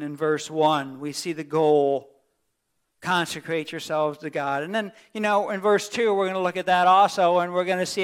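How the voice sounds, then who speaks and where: High-voiced man teaching slowly from scripture. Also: a bit bright, smooth. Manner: repetitive, rhetorical questions, restarts. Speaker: preacher. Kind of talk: expository Bible teaching.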